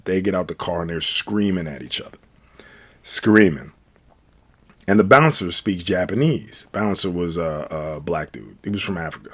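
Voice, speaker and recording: A young man casually telling a personal story, animated and slipping into quoted voices. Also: deep voice. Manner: animated, acts out quoted voices with quick shifts.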